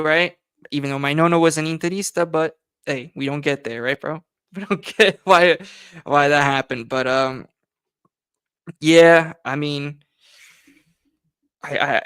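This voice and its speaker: A man's voice: fairly high pitch, a bit bright, clear, resonant tone, dry recording, clean studio sound. A man hosting a casual livestream chat, rambling and slangy, full of "you know" and "bro". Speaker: fan channel host.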